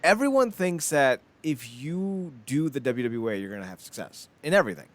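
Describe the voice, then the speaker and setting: His voice is mid-range, brisk, and sing-song. As co-host of a laid-back podcast, he wanders from point to point, speaks bluntly with plenty of profanity, and fills gaps with "like."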